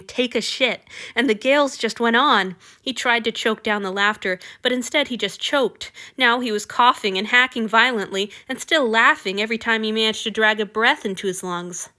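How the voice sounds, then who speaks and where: A woman narrating a fan fiction story aloud in an expressive, lively way. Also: fairly high pitch. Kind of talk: audiobook reading of fiction.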